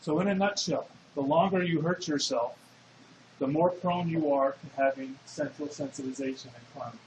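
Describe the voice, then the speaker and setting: A man with a mid-range voice lectures in an echoey hall, with slight background noise. He breaks down ideas step by step and puts questions to his students.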